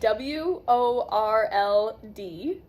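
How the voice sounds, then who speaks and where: Patient American accent coach. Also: female voice, fairly high pitch, animated, darkish tone, faint music behind. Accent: General American. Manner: clear, patient drilling with slow spelled-out letters. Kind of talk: pronunciation lesson. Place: classroom with a board.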